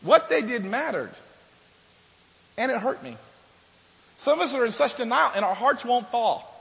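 Male pastor, high voice, conversational sermon with restarts, long hall reverb. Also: big pitch swings, moderate pace, gravelly. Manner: conversational preaching, with restarts and shifts from loud to soft.

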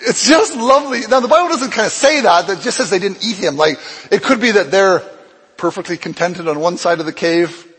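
A man pastor preaching a sermon, telling a Bible story with lively acted-out dialogue. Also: a little fast, slightly rough. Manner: animated storytelling, acts out dialogue with swings in pitch and loudness. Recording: long hall reverb.

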